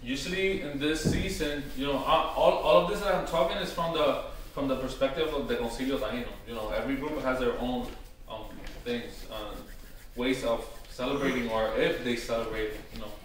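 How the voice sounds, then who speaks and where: A man giving an informal workshop talk, hesitant and full of "um" and "you know", slowing down to spell out words. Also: medium pitch, steady tone. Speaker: workshop presenter on Taíno tradition. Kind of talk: informal teaching talk to a live group. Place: workshop room. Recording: very echoey room, far from the mic, faint noise.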